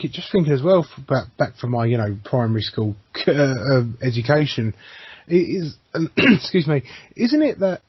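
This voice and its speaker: Husky man, hesitant questions. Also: mid-range voice, dry recording. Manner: hesitant, restarts, swears, asks questions. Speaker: podcast co-host. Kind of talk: casual chat. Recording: dull lo-fi sound, dry.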